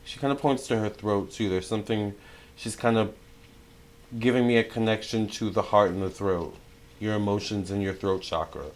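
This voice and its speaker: A young man talks through a spiritual tarot reading in a loose, chatty way, full of fillers and restarts. His voice sits a little low and he turns excitable. He sounds like a casual online reader talking to his audience. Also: moderate pace. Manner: excitable, chatty, many fillers and self-corrections. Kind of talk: casual spiritual channeling talk.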